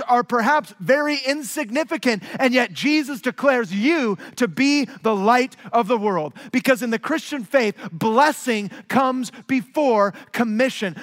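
A man preaching a sermon as pastor, with emphatic, repetitive rhetoric that swings between quiet low asides and raised, urgent stresses. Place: large church sanctuary. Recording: long hall reverb.

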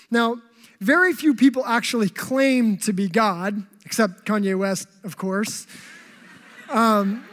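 Pastor, conversational sermon, humorous asides, mid-pitched, reverberant hall. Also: a little slow, a bit bright.

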